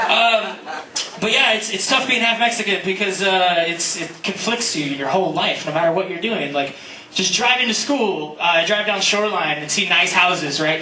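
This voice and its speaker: A high-pitched man performs stand-up, self-deprecating and punchy. He sounds distant from the mic in an echoey club, with loud background noise. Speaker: stand-up comedian. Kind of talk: stand-up comedy set. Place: comedy club. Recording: echoey club recording from far off, noisy.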